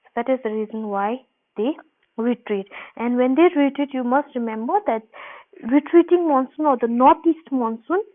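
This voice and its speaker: A woman teaches a geography lesson in a slightly high voice, walking students through each step and restating her points. Her lecture comes through thin, tinny audio that sounds like a phone line. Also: normal speed. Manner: explanatory, repeats points, frequent "uh" and "um". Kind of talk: recorded online class lecture.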